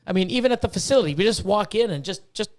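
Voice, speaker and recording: High-voiced joking man hosting podcast. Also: animated, racing. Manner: joking, laughing, rambling with fillers. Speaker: podcast host. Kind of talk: casual podcast chat.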